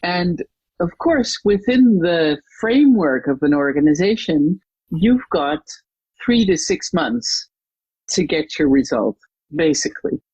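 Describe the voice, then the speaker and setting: A woman's voice: on the low side, measured pace, husky, dry recording, highs cut off. An older woman, a coach and trainer, talking animatedly as an interview guest and acting out stories with voices. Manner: animated, acts out anecdotes with lively voices. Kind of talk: interview conversation.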